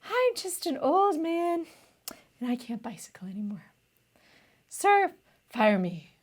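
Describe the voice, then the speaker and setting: A woman voicing a pitiful old male servant who begs in a high, whiny tone. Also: very animated, takes it slowly, exaggerated voice. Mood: pleading.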